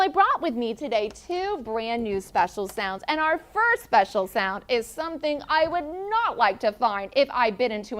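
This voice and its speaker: A female teacher runs a phonics drill in a classroom, chanting letters and sounds slowly and deliberately. She calls on pupils with encouragement, her voice a little high.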